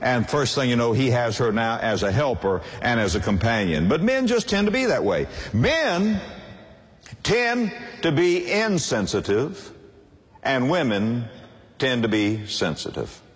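Older male preacher with lively pitch. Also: unhurried. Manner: emphatic repetitive preaching cadence. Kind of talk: sermon. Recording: long hall reverb.

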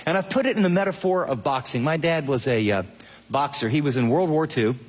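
A middle-aged male pastor preaching an animated sermon, acting out quotes in shifting voices. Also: a little high, a little fast, husky, in a large hall. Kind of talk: radio sermon.

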